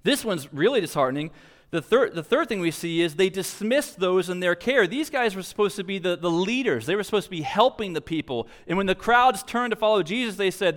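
A man preaching a sermon in a conversational, animated way with casual asides. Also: sits high, fairly quick. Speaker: pastor. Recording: long reverb of a large hall.

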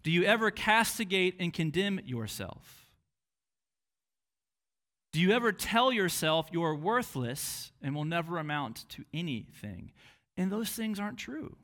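A man with a fairly high voice delivers a sermon in an earnest, questioning way. He asks his listeners one question after another and sometimes slips into a mocking inner voice to make his point. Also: animated, measured pace, a bit bright. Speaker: pastor.

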